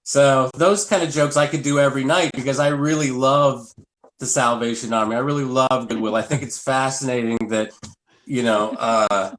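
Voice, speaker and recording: A man's voice: mid-range voice, steady tone, normal speed, fairly bright tone. A man, a comedian guest, telling rambling self-deprecating stories in casual live-stream chat. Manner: rambling, self-deprecating storytelling with scat vocal bits.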